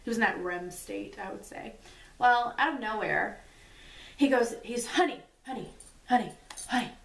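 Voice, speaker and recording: This vlogger, a woman in her twenties, chats casually in a couple's question-and-answer video, a giggly storyteller who leans on "like" and laughs a lot. Her voice is medium in pitch, gravelly and fairly bright, and she takes her time. The room is echoey and she sits away from the microphone.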